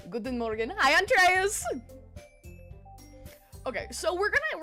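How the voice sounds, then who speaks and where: A woman's voice: high voice, sing-song, a little slow, pauses often, bright, forceful tone, soft background music. A woman streamer in casual, giggly chat, greeting her viewers by name.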